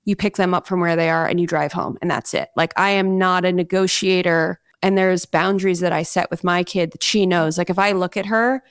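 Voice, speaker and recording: A woman's voice: lowish voice, steady tone, brisk, hardly any pauses, clear, resonant tone, dry recording, studio quality. A woman in her thirties from Long Island, talking bluntly and candidly as a podcast guest. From Long Island, New York. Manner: blunt, candid and emphatic, with frequent "like". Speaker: actress guest on a gaming podcast. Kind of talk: casual interview chat.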